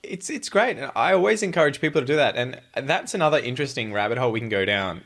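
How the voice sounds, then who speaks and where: A man with an Australian accent, chatting as a podcast guest, animated and quick to laugh. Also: lowish voice. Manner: animated, laughs often, slips into funny voices for quotes. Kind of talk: casual podcast chat.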